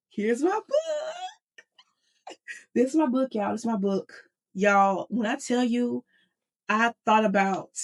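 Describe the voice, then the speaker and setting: A woman hosting a motivational podcast, talking directly to her listeners and calling them y'all, moved almost to tears. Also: medium pitch. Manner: animated, addresses listeners as y'all. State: emotional, near tears. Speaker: podcast host and author.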